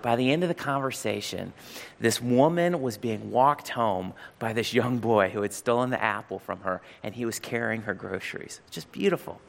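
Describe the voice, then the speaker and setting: Male preacher, gravelly mid-range voice, animated storytelling sermon, long hall reverb. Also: medium pitch. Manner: animated storyteller, acts out quoted lines. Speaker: pastor.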